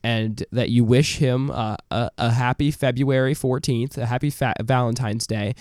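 A man hosting a podcast, teasing and giggly, talking in playful halting banter. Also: mid-range voice, steady tone, a little mellow, no echo, clean studio sound. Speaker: podcast host.

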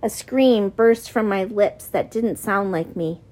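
A woman narrating a novel in the first person, in measured storytelling. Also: mid-range voice, darkish tone. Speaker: audiobook narrator.

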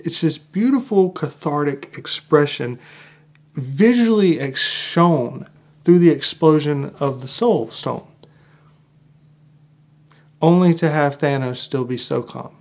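A man's voice: mid-range voice, gravelly. A man giving an enthusiastic monologue breaking down a film, stretching out words for emphasis and acting out reactions. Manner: animated, drawn-out emphatic phrasing with acted-out reactions. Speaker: film analyst.

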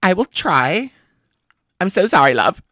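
A starstruck radio interviewer, played by a man, gushes in a raised, bright, swooping voice. He fawns over his guest and keeps slipping into a British accent. Dry, close sound. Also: sits high, expressive, normal speed, no echo, voice pushed up. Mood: flustered. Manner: fawning, slips into a British accent. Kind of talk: comedy sketch.

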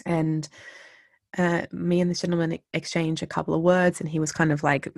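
Casual anecdote teller, rambling with fillers, creaky low edges, dead-dry sound. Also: flat delivery, normal speed, no echo. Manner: chatty, with many fillers and restarts. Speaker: storyteller. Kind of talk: personal anecdote told casually.

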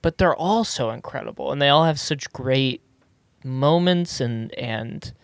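A man's voice: medium pitch, a little slow, dry recording. A man hosting a podcast in casual chat, easygoing and enthusiastic, laughing often. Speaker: podcast host.

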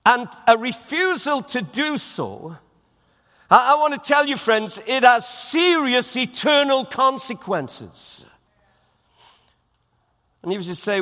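Emphatic high-voiced male preacher. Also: animated, takes it slowly, long pauses, sharp tone, big-room sound. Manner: emphatic preaching, repeats phrases. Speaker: pastor. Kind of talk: sermon. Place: church auditorium.

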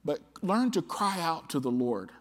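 A man's voice: on the high side, big pitch swings, unhurried. A man preaching a sermon as pastor, reading scripture aloud with rising, impassioned emphasis. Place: church sanctuary. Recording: church hall with long reverb.

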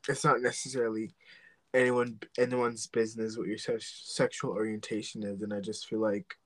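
A man's voice: on the low side, level tone, moderate pace, low-quality recording. A man co-hosting a podcast in casual chat, hesitant and full of restarts. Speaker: podcast co-host.

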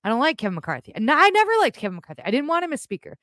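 A woman hosting a live podcast stream, chatting casually in a blunt, animated way, with rambling asides and swearing. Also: fairly high pitch, very fast, no echo, clean studio sound. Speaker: podcast host.

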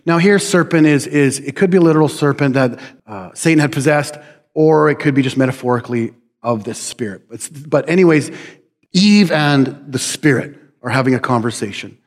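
A man's voice: mid-range voice, moderate pace, big-room sound. A male pastor preaching a sermon in a conversational, joking way, often checking in with "right?".

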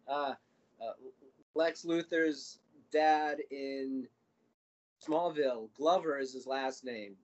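A man answering trivia among friends in a rambling, hesitant way, full of pauses. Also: medium pitch, darkish tone. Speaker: quiz player. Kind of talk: casual chat. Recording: dull lo-fi audio.

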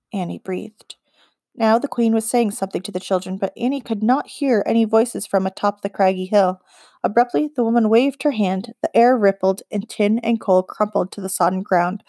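A woman narrating a children's fantasy audiobook in an even, expressive storytelling voice. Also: medium pitch, no echo, studio quality. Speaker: audiobook reader.

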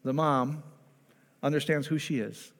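Animated preacher man in a reverberant hall. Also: fairly high pitch, a little slow. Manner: animated, keeps checking in with the audience. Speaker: pastor. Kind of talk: conversational sermon to a congregation.

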